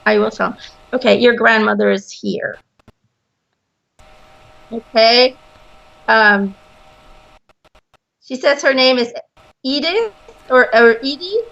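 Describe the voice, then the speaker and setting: High, bright-voiced chatty woman medium. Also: slow, creaky, pauses often. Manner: chatty, laughs often. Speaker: psychic medium. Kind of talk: casual reading session. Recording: dull lo-fi audio.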